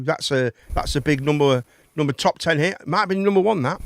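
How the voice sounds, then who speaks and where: A man's voice: mid-range voice, fairly quick, gravelly, dry recording. A man, hosting a live chat and phone-in show, rambling and swearing casually. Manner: rambling, chatty, swears casually, calls people mate.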